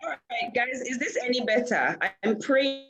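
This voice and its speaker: A woman's voice: on the high side, animated, normal speed, a bit bright, slightly rough. A woman giving a talk over a video call, conversational in manner. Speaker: guest speaker.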